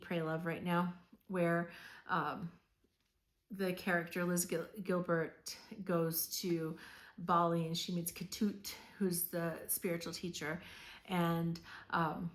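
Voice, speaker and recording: Low-voiced woman giving a casual tarot reading. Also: steady tone, slow. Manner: chatty and meandering, with frequent "um" and "like"; earnest and reassuring. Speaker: tarot reader.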